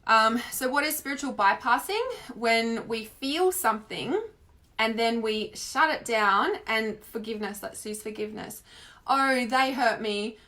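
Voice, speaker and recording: An Australian woman giving a casual, chatty spiritual teaching talk, expressive and full of filler words. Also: a little high, moderate pace.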